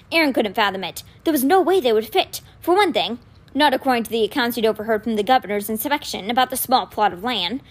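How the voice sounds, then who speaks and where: A woman reading a children's novel aloud with expressive storytelling. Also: fairly high pitch. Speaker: reader.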